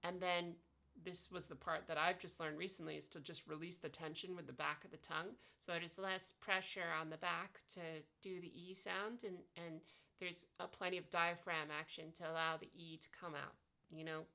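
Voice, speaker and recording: Woman vlogger, low-pitched with a gravelly fry, relaxed how-to talk full of fillers and sound demos. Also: moderate pace. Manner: explains by demonstrating vowel sounds, many fillers. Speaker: vlogger sharing voice training tips. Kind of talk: casual instructional talk. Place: lying on her back.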